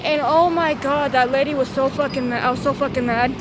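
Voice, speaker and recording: High-voiced woman telling a story. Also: brisk, background noise. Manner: animated, swears freely, acts out quoted voices. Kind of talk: casual storytime.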